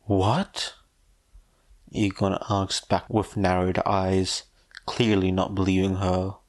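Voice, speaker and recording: Give me a man narrating a fanfic audiobook, slow and low-pitched. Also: completely flat delivery. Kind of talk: amateur narration of fan fiction.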